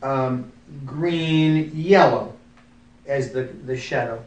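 Speaking slowly in a mid-range voice, a friendly musician gives a demonstration during an informal group talk. He pokes fun at himself, and the roomy recording places him across the room at a distance.

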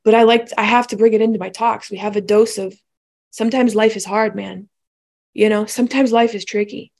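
A woman's voice: medium pitch, steady tone, fairly quick, gravelly, darkish tone. A woman giving a reflective spiritual talk, musing aloud with many restarts and asides. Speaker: spiritual speaker.

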